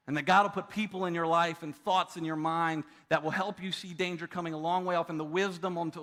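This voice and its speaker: A man's voice: fairly high pitch, fairly bright tone. A man in his thirties preaching a sermon as a pastor, telling a personal story in an earnest way. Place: church auditorium.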